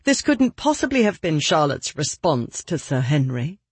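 An audiobook narrator reading a period novel in an expressive storytelling manner. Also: normal speed, breathy edge, no echo. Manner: expressive storytelling with lively pitch.

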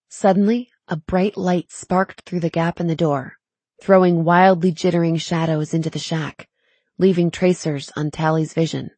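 A woman narrating an audiobook with a dark, mellow tone and a husky edge. She keeps a steady, measured storytelling pace, recorded close on the mic in a dry, dead room. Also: lowish voice, dry recording. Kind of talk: scripted narration.

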